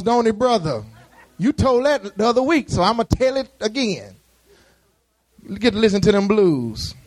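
Male pastor, high voice, chatty call-and-response sermon with many restarts.

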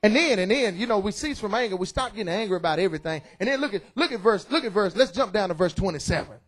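A middle-aged man preaching a loud, excited sermon in church, calling out to the congregation. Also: sits high. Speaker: pastor. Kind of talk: energetic sermon.

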